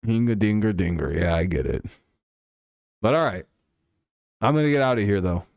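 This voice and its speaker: A man's voice: on the low side, very animated, moderate pace, gravelly, dry recording, clean studio sound. A man hosting a casual football talk live stream, loose and joking, swearing freely as he signs off.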